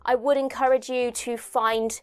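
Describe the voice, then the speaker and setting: A woman's voice: fairly high pitch, level tone, moderate pace, clear, resonant tone, faint music behind. Chatty young woman commentator. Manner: chatty, self-deprecating, thinking aloud. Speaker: host. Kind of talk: casual video commentary.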